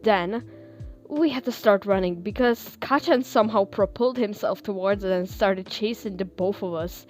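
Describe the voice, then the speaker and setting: A woman's voice: mid-range voice, normal speed, a little mellow, soft background music. A woman reading fan fiction aloud and then chatting casually with listeners, with fillers and small laughs. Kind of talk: casual storytelling and chat.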